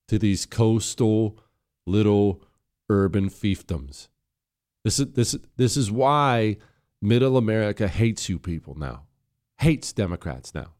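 Low-voiced guy ranting on a commentary show, sarcastic, punchy. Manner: scornful, emphatic, sarcastic. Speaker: political commentary host. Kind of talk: opinion commentary.

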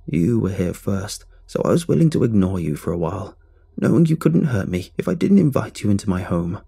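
A man voicing a stern, resolute old grandmother who speaks slowly, low and calm. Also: vocal fry, husky, heavily acted. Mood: calm, grim. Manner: slow, low, quietly menacing delivery.

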